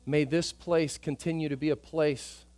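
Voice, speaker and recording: Male pastor, high voice, emphatic sermon delivery that drops to quiet passages. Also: steady tone, normal speed, no echo. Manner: emphatic, swings between loud urgent passages and quiet soft ones.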